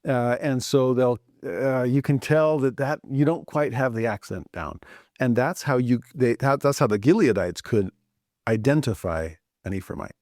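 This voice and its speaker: A man's voice: mid-range voice, normal speed, darkish tone, no room sound, studio quality. A man giving a casual scripture lesson who talks conversationally and thinks aloud with frequent restarts. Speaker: scripture teacher.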